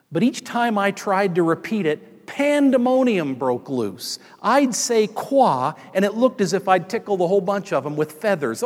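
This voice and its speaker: Man preaching in an echoing hall. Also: a little high. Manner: storytelling, addressing the congregation directly. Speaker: pastor. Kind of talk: sermon. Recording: long reverb in a large hall.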